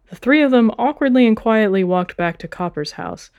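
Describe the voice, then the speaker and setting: A woman's voice: fairly high pitch, expressive, normal speed, hardly any pauses, darkish tone. A woman hosting a podcast, reading a fan story aloud with playful, swearing asides.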